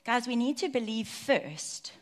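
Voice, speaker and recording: A woman's voice: fairly high pitch, animated, a little slow. A woman, preaching a sermon in a chatty, personal way and telling stories with many asides.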